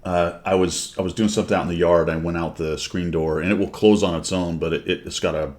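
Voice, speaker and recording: A man's voice: low voice, steady tone, quick pace, darkish tone. An American man hosting a casual chat show, telling rambling stories full of tangents. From United States. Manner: rambling, tangent-prone storytelling. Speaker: podcast host.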